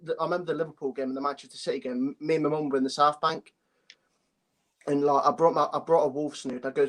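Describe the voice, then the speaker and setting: A young man phones in to a call-in show, his voice fairly high and steady and his pace quick. He speaks hesitantly, apologizing often and starting his sentences over.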